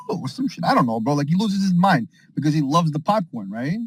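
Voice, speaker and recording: A man in casual group chat on an audio call, rambling excitedly with lots of slang and acting out scenes. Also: medium pitch, brisk, slight background noise. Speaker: space call participant.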